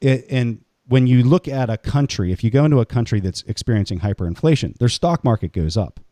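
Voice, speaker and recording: A man's voice: mid-range voice, lively intonation, a little fast, mellow, dry recording. A man hosting an interview, thinking aloud as he builds long questions. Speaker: interview host.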